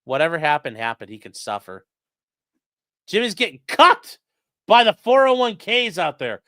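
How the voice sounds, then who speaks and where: A man's voice: sits high, huge pitch swings, normal speed, sharp tone, no echo. A man commentating on news in a casual live stream, crude and mocking, reading chat messages aloud.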